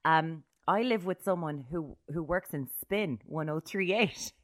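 A woman's voice: low voice, a little slow. An Irish woman co-hosting a podcast, dry and teasing, with emphatic asides. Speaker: podcast co-host, radio broadcaster. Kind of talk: casual podcast chat.

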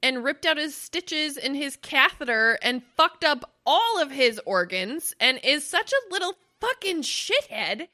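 A young woman co-hosting a podcast in casual chat, her voice bright and a little high. She swears freely and laughs a lot, wearing her feelings openly. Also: big pitch swings, unhurried, few pauses. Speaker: podcast co-host.

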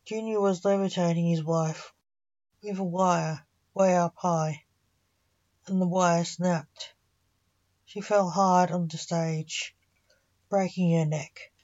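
A woman reading a dark fantasy story aloud as a storyteller, keeping an even reading manner with little change between the characters. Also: on the low side, slow, long pauses, lo-fi sound. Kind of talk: scripted story narration.

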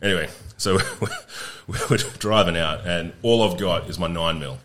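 A man with a very low, deep voice, chatting casually as a podcast guest. He tells grim stories in a relaxed, profane way and laughs easily through them. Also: normal speed, a little hiss or hum. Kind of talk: casual storytelling chat.

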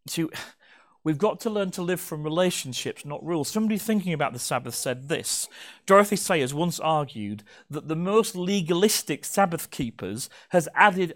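Man, pastor, sermon, playful, teasing, slightly high voice. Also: expressive, normal speed, fairly bright tone. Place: church hall.

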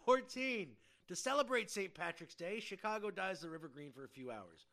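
A man's voice: sits high, lively intonation, moderate pace, gravelly, pushed and bright. A man co-hosting a casual podcast, reading out trivia, joking and swearing casually. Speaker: podcast co-host.

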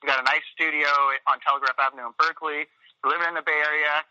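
A man's voice: on the high side, steady tone, racing, bright, forceful tone, dry recording, dull audio. A man in his thirties telling his story in a casual interview, rambling with many fillers and restarts. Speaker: interview guest, Pilates studio owner.

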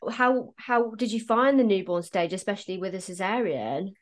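A woman hosts a relaxed podcast conversation, her voice sitting at an ordinary middle pitch. She asks questions and trades stories with her guest in an easy back-and-forth. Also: normal speed. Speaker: podcast host. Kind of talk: casual chat.

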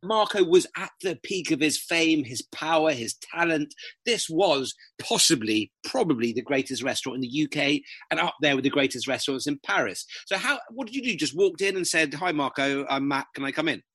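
A man's voice: a little high, lively intonation, brisk, a bit bright, slightly rough, no echo. A man interviewing a guest, asking eager, leading questions in a conversational way.

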